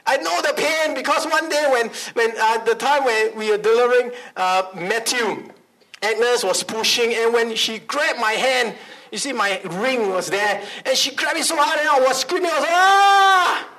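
A male pastor preaches a sermon in an animated way, with big swings in pitch and calls for amens. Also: moderate pace, low-quality recording.

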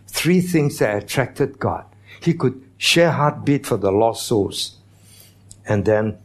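A male pastor delivering a sermon at a middle pitch. He keeps asking the congregation rhetorical questions, and his voice often climbs higher and louder to stress a point. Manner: emphatic, asks the congregation repeated rhetorical questions; voice often rises in pitch and loudness for emphasis.

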